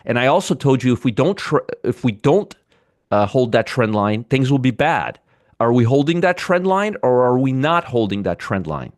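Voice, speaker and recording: A man's voice: medium pitch, sing-song, moderate pace, no room sound, clean studio sound. A man hosting a live trading show, giving blunt, sarcastic market commentary and bantering with chat viewers. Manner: blunt, swears freely.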